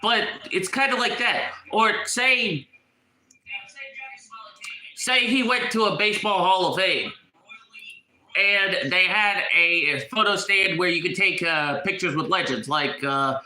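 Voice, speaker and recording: A man talking in a casual vlog with a blocked, congested nose. His voice sits high for a man and sounds very bright and sharp, with an echoey room around him. He is agitated, and he repeats himself as he hunts for his words. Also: takes it slowly, slight background noise. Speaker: YouTuber.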